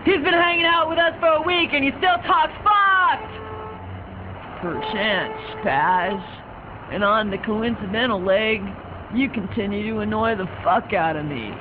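A woman voicing a grumpy young male punk who talks in a deadpan, oddly formal way. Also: mid-range voice, unhurried, noisy background, lightly acted. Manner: deadpan, mock-formal wording. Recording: tinny lo-fi phone-like sound.

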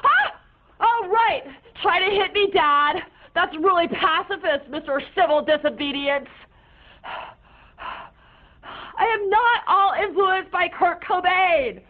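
A woman's voice: very high voice, slow. A woman voicing a melodramatic teenage girl who rants tearfully at her parents and mangles big words in a comic monologue. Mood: tearful ranting. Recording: tinny phone-like sound.

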